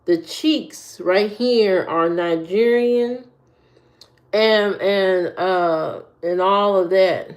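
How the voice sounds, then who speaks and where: Slow, rambling livestream woman. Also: mid-range voice. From Indiana. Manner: rambling, repeats phrases and restarts lines. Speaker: livestream host. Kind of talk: casual livestream chat, answering viewers.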